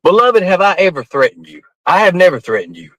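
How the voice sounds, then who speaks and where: A man's voice: sits high, very animated, brisk, pushed and bright, no echo, poor audio. A man ranting defensively to his live-stream chat, swearing often and rambling from point to point. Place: outdoors at night in the rain.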